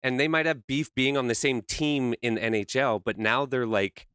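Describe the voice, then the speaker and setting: A man's voice: medium pitch, steady tone, normal speed, fairly bright tone, clean tone, no room sound, studio quality. A man co-hosting a podcast, easygoing and enthusiastic in casual chat. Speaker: podcast co-host.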